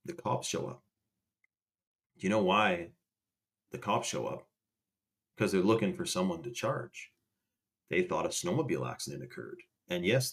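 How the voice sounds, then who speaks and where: Rambling low-voiced man telling a story. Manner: rambling, swears casually, many restarts. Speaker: livestream host. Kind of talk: casual storytelling to a live chat.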